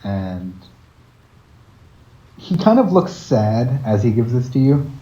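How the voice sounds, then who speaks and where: Mellow-voiced man running the game. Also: mid-range voice, very animated, takes it slowly. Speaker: game master. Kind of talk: narrating a tabletop game. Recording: muffled, roomy, noisy home recording.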